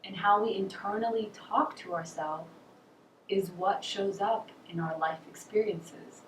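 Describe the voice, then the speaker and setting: Female self-help vlogger, mid pitch, encouraging and earnest, distant mic in a roomy space. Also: a little slow. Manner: earnest, encouraging, asks the listener questions. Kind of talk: motivational talk to camera. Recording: roomy echo, mic set far off, faint hiss.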